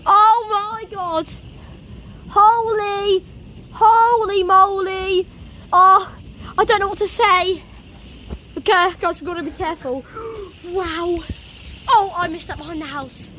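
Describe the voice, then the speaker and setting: A storm-chasing vlogger with a very high-pitched voice takes it slowly while filming a thunderstorm outdoors, talking live to viewers. She gasps and cries out excitably, repeating "oh my God," as rain, wind and thunder sound around her handheld or propped camera.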